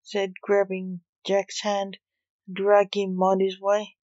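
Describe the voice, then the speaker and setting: Slow, deliberate woman reading a story. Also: medium pitch, monotone, darkish tone, no echo. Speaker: author and reader. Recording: dull lo-fi recording.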